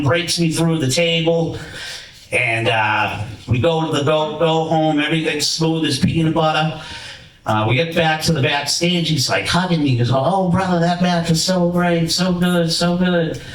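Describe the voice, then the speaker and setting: A man giving a rambling, animated storytelling speech at a ceremony in a lodge hall. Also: on the high side. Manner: rambling, animated, many restarts. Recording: roomy hall from far off.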